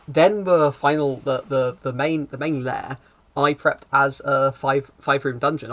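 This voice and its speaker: Man, game master, casual explainer talk, rambling, self-correcting, mid-pitched voice. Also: fairly bright tone. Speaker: game master giving advice.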